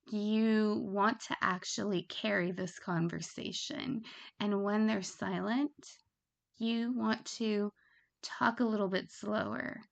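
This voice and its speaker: A woman's voice: medium pitch, creaky, a bit bright, highs cut off. A woman giving frank, chatty tips on phone work in a casual instructional talk. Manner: frank, chatty, laughs at her own examples. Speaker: phone sex operator coach.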